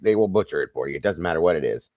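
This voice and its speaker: Folksy male livestream host, low voice, dry close mic, casual swearing storyteller. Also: lively intonation, rapid-fire, darkish tone, no room sound.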